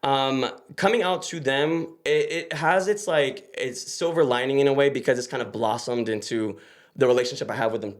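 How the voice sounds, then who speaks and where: Fast-talking animated young man. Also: mid-range voice. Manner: animated storyteller, mixes English and Spanish, laughs often. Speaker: podcast guest. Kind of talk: storytelling in a casual interview.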